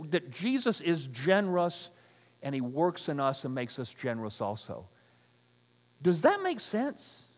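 Male preacher, high, expressive pitch, rhetorical questions, reverberant sanctuary. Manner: animated, rhetorical questions, jokey asides. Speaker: pastor. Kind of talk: sermon. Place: church sanctuary. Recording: long hall reverb.

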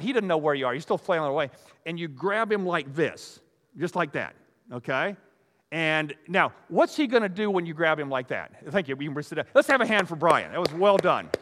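Speaking in a high, slightly bright voice, an older man delivers a rambling, folksy sermon before a live crowd, restarting often, going off on asides, and saying "you know" again and again. Long reverb from the audience-filled hall hangs on his words.

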